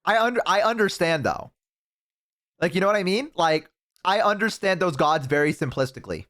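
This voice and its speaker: A man's voice: high voice, expressive, a little fast, fairly bright tone. A man streaming casual reaction chat, exclaiming, incredulous and swearing.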